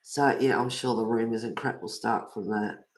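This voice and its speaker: A woman's voice: extremely low pitch, steady tone, normal speed. Gossipy woman over fifty. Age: 50s or older. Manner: gossipy storytelling, laughs often. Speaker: livestream host. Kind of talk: casual chat while colouring.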